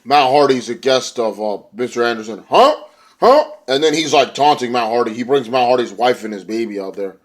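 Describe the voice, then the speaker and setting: Speaking a little fast with few pauses, this young man's medium-pitched voice runs through a casual wrestling recap. Full of slang and rambling, his retelling now and then slips into impressions of the wrestlers' voices.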